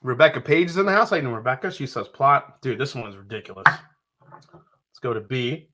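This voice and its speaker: His voice is medium-pitched and sharp, and he talks briskly. He's a livestream host from New York who reads out comments from viewers, jokes, swears offhandedly, and laughs frequently.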